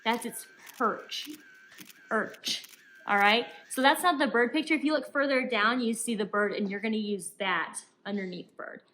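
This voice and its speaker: A woman's voice: a little high, moderate pace, a bit bright, slight background noise, low-quality recording. A young woman teacher giving upbeat, encouraging instructions to young children in a recorded remote lesson. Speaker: elementary school teacher.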